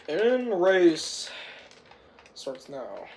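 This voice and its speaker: A reviewer with a sore throat rambling casually through a film's plot, clearing their throat again and again. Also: mid-range voice, very noisy. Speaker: film reviewer. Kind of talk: rambling casual movie recap.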